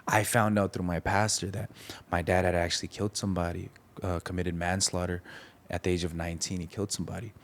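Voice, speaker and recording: A man speaking as a podcast guest, telling a personal story candidly, with halting pauses and reflective restarts. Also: sits low, flat delivery. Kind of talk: emotional storytelling.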